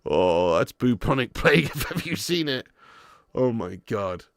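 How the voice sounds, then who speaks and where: Broadcasting a live football watch-along from a garage used for storage, this man chats casually with viewers, curses freely, and reads out the chat between bits of commentary on the match. His mid-range voice is sing-song and moderately paced, recorded dry at studio quality.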